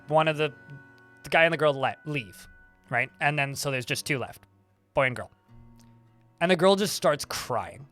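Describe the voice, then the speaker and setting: A male streamer telling a rambling, chatty story during a live game session, swearing casually and restarting his sentences. His voice sits a little high and has a bright, forceful edge. Faint music plays underneath. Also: normal speed, pauses often.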